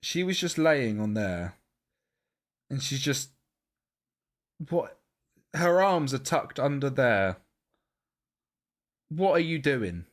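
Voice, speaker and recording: A man streaming a football management game, commentating live and chatting with his viewers. He gets excitable and yells at the match. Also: medium pitch, slow, long pauses.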